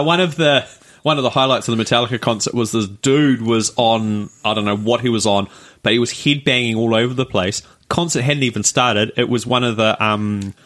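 A man, co-hosting a podcast in casual chat, telling stories in a rambling, animated way. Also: medium pitch. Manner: rambling storyteller, animated retelling. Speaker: podcast co-host.

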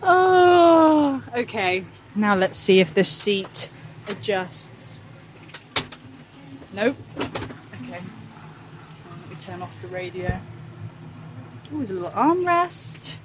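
A young woman chatting casually in a farm vlog, nervous and quick to laugh, talking from a tractor cab. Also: medium pitch, background noise. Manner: chatty, nervous, laughs often, exclaims a lot. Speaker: farm vlogger. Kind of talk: casual vlog talk to camera.

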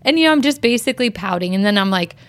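A woman in her thirties co-hosts a podcast in easy, chatty conversation. She tells stories and jumps into a brighter, higher voice when she acts out what people said. Her voice sits in a middle range and sounds close and dry. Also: expressive, racing, dry recording. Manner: chatty storyteller, acts out quoted lines in a higher voice. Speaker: podcast co-host. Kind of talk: casual chat.

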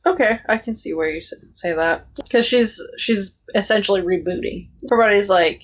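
A woman guest co-hosting a casual book discussion, relaxed and thinking aloud with hesitant fillers. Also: medium pitch, fairly quick, few pauses. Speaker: guest co-host. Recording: lo-fi dull audio.

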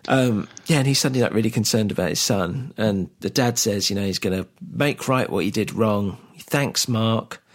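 A man's voice: on the low side, moderate pace, few pauses. A man hosting a podcast, recapping a film plot in casual chat, laughing often and quoting mockingly. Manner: amused, recapping a plot with laughs and mock quotes. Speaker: podcast host.

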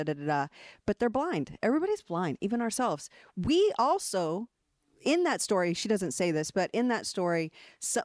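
Low-voiced woman talking frankly, dry close mic. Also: no echo. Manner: frank and swearing, trailing restarts. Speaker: guest energy coach. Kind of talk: casual podcast conversation.

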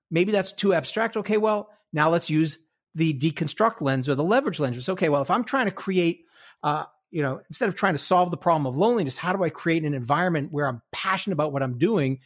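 Higher-voiced man explaining eagerly. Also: slightly rough. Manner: explanatory, lively, many restarts. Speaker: podcast guest, author. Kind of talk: casual conversation.

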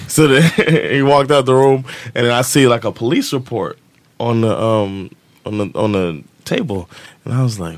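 A man's voice: lowish voice, normal speed, dry recording. A man, telling a story on a casual podcast, laughing often and acting out the voices of the people in it. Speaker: podcast co-host.

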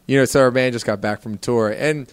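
A man chatting on a podcast who tells long, rambling stories. He talks at an ordinary pitch and keeps slipping into other people's voices. The sound is very dry and close. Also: a little fast, smooth, dry recording. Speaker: podcast co-host and touring musician. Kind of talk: casual podcast chat.

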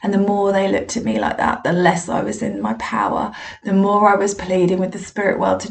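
A woman's voice: medium pitch, a little fast, creaky. A woman with a mid-range voice speaks as a spiritualist medium, telling her own stories candidly and with some self-deprecation. Her delivery is reflective and conversational, like a personal monologue.

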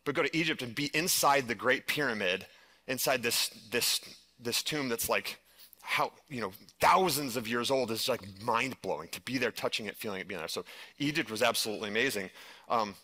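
A man giving a live stage presentation, telling a personal story in an animated way and saying "like" a lot. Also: medium pitch, a little fast. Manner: animated storytelling, heavy use of "like". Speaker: conference speaker.

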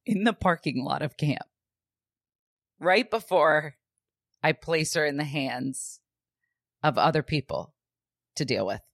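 A woman's voice: deep voice, slow pace, vocal fry, pauses often, dry recording, clean studio sound. A woman co-hosting a podcast who tells a story in casual chat and acts out the people she quotes. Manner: animated, acts out quoted dialogue, swears casually. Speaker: podcast co-host.

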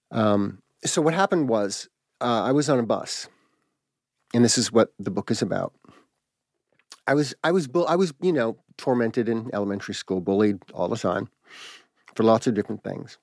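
A man recounts a personal story in a halting, reflective manner, pausing often and restarting his sentences. His voice sits at an ordinary middle pitch. The recording is dry, with no room sound. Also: no room sound.

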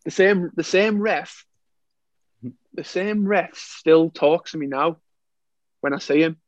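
Lad chatting on a podcast, a bit high voice, dry dull sound, keeps laughing and doing the other guys' lines. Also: male voice, slow, dry recording. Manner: chatty storyteller, laughs often, acts out quoted lines. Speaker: former footballer guest. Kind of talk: casual podcast chat.

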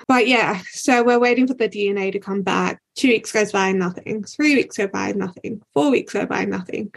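Young woman with a gravelly edge. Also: mid-range voice. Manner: frank, heavy use of filler "like", casual swearing. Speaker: podcast guest. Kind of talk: candid conversational storytelling.

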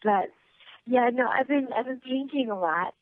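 A woman's voice: fairly high pitch, moderate pace, dry recording. A woman guest chatting by phone, out of breath, telling stories and laughing easily. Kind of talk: casual phone interview. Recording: tinny phone line.

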